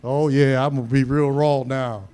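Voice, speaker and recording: A man's voice: medium pitch, fairly even intonation, normal speed, warm tone, smooth. A middle-aged man preaching a sermon, telling homey family stories with humor and building to emphatic, raised points. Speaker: pastor.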